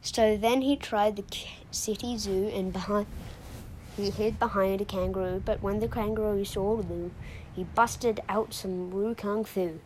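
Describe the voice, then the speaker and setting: A woman hosting a podcast, reading a children's story aloud in an expressive, sing-song way. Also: mid-range voice, unhurried, slight background noise, rough recording. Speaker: storyteller host.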